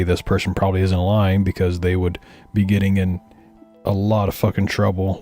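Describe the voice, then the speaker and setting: With a deep, mellow voice, a man offers blunt, opinionated commentary over footage on a stream, speaking casually and swearing freely.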